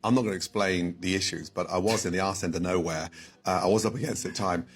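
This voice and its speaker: A man's voice: low voice, fairly even intonation, fast talker, husky. A man frankly admitting a failure in a show clip. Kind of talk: conversational admission.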